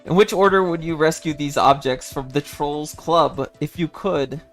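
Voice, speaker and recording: A man's voice: on the high side, normal speed, faint music behind. A young man streaming a casual chat as a playful, giggly, self-deprecating cat-boy persona.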